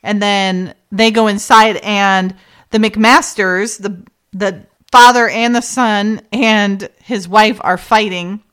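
Woman, podcast co-host; animated recap, mid-pitched, slips into character voices. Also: takes it slowly, clean tone. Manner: animated, acts out characters' lines and laughs often. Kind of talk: casual chat.

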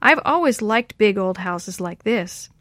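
A woman's voice: medium pitch, lively intonation, unhurried, a bit bright, no echo. An earnest, caring young girl speaks politely, as a woman reading a storybook puts her on. The sound is dry and close.

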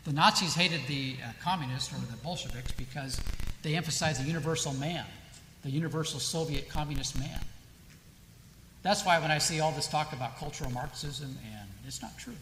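A man delivers a lecture with a bright, forceful voice that sits a little high. He is emphatic and keeps asking rhetorical questions, then answering them himself. The sound comes from a roomy hall with a long reverb tail and a faint hiss underneath. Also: a little fast. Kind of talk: lecture with read-out quotations.

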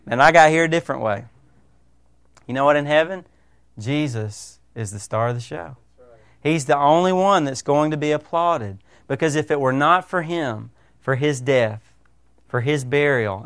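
Emphatic male pastor, smooth voice. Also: medium pitch, a bit bright, no room sound, clean studio sound. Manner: emphatic, asks rhetorical questions of listeners. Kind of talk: sermon.

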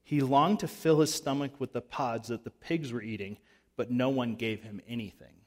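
A man's voice: mid-range voice, steady tone, moderate pace, darkish tone. Preaching man in a reverberant hall. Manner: conversational preaching, acts out voices in retold scenes. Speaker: pastor. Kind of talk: sermon. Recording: long reverb of a large hall.

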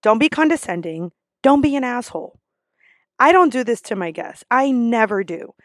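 A woman's voice: a little high, sing-song, normal speed, no echo, studio quality. A woman who works as a restaurant server, ranting in a casual vlog, blunt and sassy with lots of swearing.

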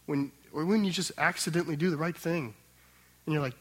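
A man preaching a sermon, swinging between loud emphatic passages and quiet tender asides. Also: on the high side, normal speed, long pauses, slightly rough. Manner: acts out the master's voice in quotes. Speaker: pastor.

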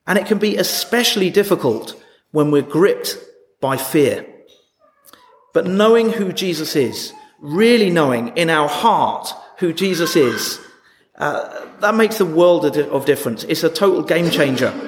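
A man preaching a sermon in a conversational way, often asking his listeners rhetorical questions. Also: a little high. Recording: echoey hall.

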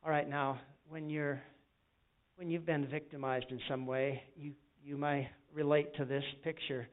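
A man's voice: on the high side, level tone, measured pace. A man preaching a sermon as an evangelist, telling stories in an earnest way and acting out the voices of the people he quotes. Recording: tinny phone-like sound.

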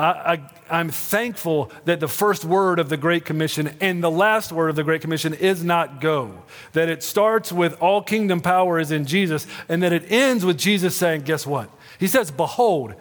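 In a church sanctuary, a middle-aged pastor delivers a sermon with a slightly high voice and a big-room sound. His delivery is earnest and conversational, peppered with "right?", dropping to a soft hush for quoted promises.

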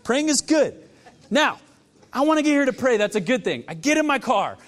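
A male pastor preaches a sermon in a high-pitched voice, brisk and very animated, his pitch swinging widely up and down. To land his important points, he drops into quiet emphasis.

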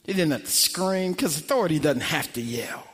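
A man pastor preaching a sermon, emphatic and swinging from loud to hushed. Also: a little high, expressive, normal speed, breathy edge. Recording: long hall reverb.

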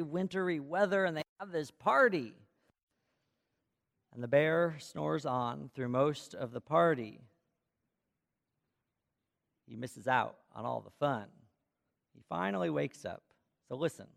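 Gravelly pastor in an echoing hall. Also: male voice, fairly high pitch. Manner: storytelling, reads aloud with rhythm. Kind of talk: sermon with scripture reading. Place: church. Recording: long reverb of a large hall.

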